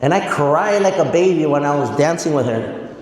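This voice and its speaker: A man in his forties giving an energetic motivational speech to students as a guest speaker. He quizzes the audience and drops Spanish words into his talk. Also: a little high, normal speed. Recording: echoey hall with long reverb.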